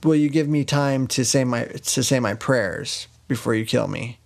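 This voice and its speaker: A man's voice: medium pitch, moderate pace, vocal fry, close to an everyday voice. A man voicing a frightened young wife who pleads and stammers. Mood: pleading.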